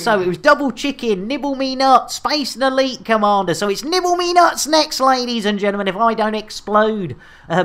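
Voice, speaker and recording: A woman with a mid-range voice hosts a live game stream, bawdy and giggly, getting flustered and stammering while reading out shout-outs.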